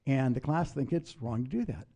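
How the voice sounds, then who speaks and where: Older guy, mellow dark voice, animated storyteller who gets loud in the quotes. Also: mid-range voice, moderate pace, slightly rough. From United States. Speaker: guest, former congressman. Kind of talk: anecdotal storytelling.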